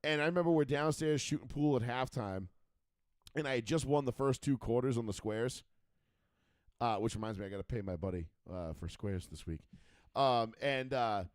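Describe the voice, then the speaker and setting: On a call-in sports chat show, a thirtysomething co-host with a medium-pitched voice tells meandering, profane stories crowded with fillers. The recording is dry, with clean studio sound.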